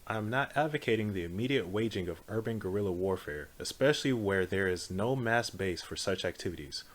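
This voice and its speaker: Low-voiced man reading a political text aloud. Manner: measured, earnest, declarative. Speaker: audiobook reader.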